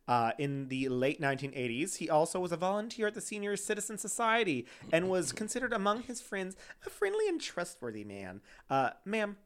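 A man's voice: high-pitched, sing-song, brisk, hardly any pauses, a little hiss or hum. A man co-hosting a casual true-crime podcast, reading case notes with joking asides and frequent laughter. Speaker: podcast co-host.

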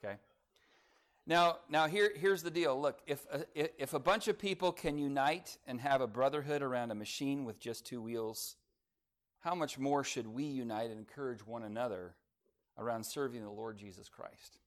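A man pastor preaching a sermon in a conversational way, full of asides like "look" and "okay?", swinging from loud emphasis to soft remarks. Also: mid-range voice, moderate pace.

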